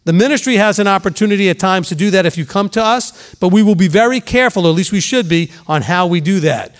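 Speaking at a quick pace in a high-pitched voice, a middle-aged pastor delivers a sermon full of emphasis and repetition for stress. Now and then he acts out the voices of people gossiping.

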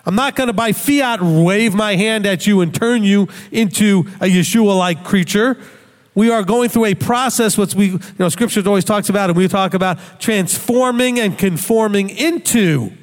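A man's voice: sits high, moderate pace, big-room sound. A man giving a Bible study talk in a conversational teaching manner, tossing in rhetorical questions.

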